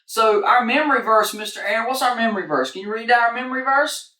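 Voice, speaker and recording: A woman's voice: on the high side, quick pace, pushed and bright. Woman, kids' church leader, upbeat, encouraging, echoey room. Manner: upbeat, encouraging, talks straight to kids. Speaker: kids ministry leader. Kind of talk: livestreamed children's church lesson.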